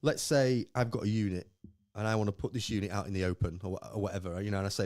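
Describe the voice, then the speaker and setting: A fairly low-voiced man talks at a quick clip; the studio sound is clean, with no room noise. He's a podcast co-host in a casual chat over beers, rambling along and dramatizing quotes as he tells his stories.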